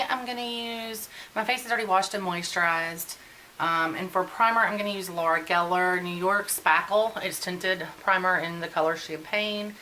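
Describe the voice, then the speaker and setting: A woman's voice: fairly low pitch, pushed and bright, slight background noise, low-quality recording. A woman in her forties chatting casually and venting while doing a get-ready-with-me beauty vlog. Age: 40s. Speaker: beauty vlogger.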